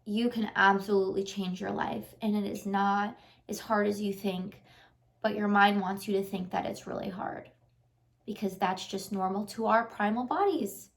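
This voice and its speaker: A woman vlogger talks straight to the camera, urging viewers on with earnest, repeated encouragement. Her voice sits at a middling pitch and carries a noticeable gravelly fry. Her delivery stays casual and chatty, full of "like" fillers. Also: fairly even intonation, moderate pace. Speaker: lifestyle vlogger and life coach. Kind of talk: motivational talk to camera.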